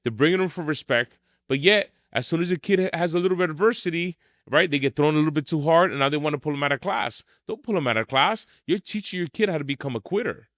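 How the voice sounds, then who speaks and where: A man's voice: on the high side, fast, hardly any pauses, a bit bright, no echo, studio quality. A middle-aged man, a martial arts school owner telling blunt, emphatic stories in a podcast interview.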